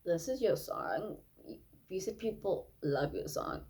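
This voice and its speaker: A woman voicing a fussy male rock collector who talks in a prim, dry, nitpicking way, a little lower than her own voice. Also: sing-song, slow pace, dark tone, full character voice.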